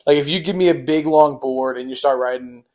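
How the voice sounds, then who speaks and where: A man's voice: mid-range voice, a little fast, a little mellow. A young man telling a casual storytime on a podcast, rambling with lots of fillers.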